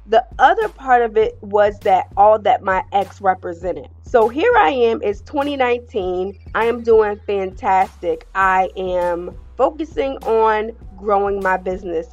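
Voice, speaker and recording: A woman's voice: medium pitch, highs cut off. A woman hosting her own podcast, confiding in her listeners in a candid, personal monologue. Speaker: podcast host.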